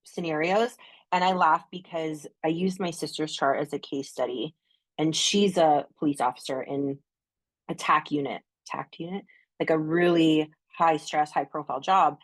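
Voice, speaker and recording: A woman's voice: sits low, fairly even intonation, moderate pace, dry recording. A woman with a Canadian accent, chatting enthusiastically as a guest astrologer on a podcast, often saying "like". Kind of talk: casual podcast conversation.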